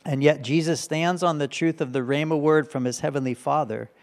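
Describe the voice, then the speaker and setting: A male pastor preaches in a relaxed, conversational way, working through a passage and checking in with his listeners. His voice sits a little higher than most men's, and he often tags his points with a quick "right?". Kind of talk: sermon.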